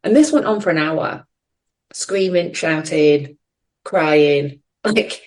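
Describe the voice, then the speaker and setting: A woman in her forties co-hosting a podcast, telling a personal story in an earnest, emotional way with many pauses and fillers. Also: low voice, a little mellow. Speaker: podcast co-host. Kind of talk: reflective storytelling chat.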